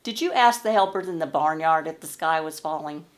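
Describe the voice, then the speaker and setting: A woman's voice: sits low, brisk, natural voice. Woman voicing a patient, questioning fox. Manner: calm questioning. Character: curious, patient male fox asking questions.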